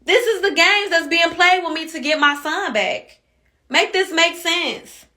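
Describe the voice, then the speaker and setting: A woman's voice: very high-pitched, unhurried, bright, forceful tone. A woman venting as an angry mother in a social media rant, heated and cussing, repeating herself while upset.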